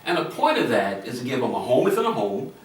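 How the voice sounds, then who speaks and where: A man's voice: mid-range voice, very animated, quick pace. An older man, a physician and medical school dean, telling stories earnestly and at length in an interview. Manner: earnest, anecdotal, explains at length. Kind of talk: interview storytelling. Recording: echoey room, distant mic, faint noise.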